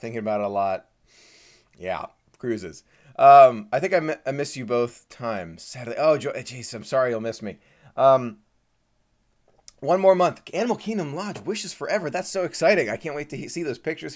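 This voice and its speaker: A man's voice: medium pitch, lively intonation, brisk. Upbeat man chatting on a live stream. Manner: friendly, reads out viewer names and countdowns, gets choked up at times. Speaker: Disney vlogger hosting a live Q&A. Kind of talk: casual live-stream chat greeting viewers.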